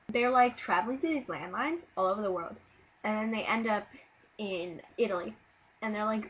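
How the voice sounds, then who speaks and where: A woman vlogger, sick and tired-sounding, rambling through a goofy story in a mid-pitched voice that keeps jumping into loud, animated bursts. The webcam sound is dull and carries a faint hiss. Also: a little fast. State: sick, low on energy. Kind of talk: casual rambling storytelling to camera.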